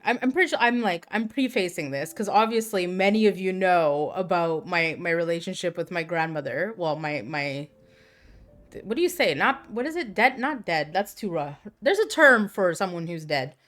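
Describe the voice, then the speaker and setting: A woman's voice: on the low side, expressive, normal speed, a bit bright. Candid rambling woman streamer. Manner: candid, rambling storyteller with crude humor. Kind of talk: casual chat with live chat.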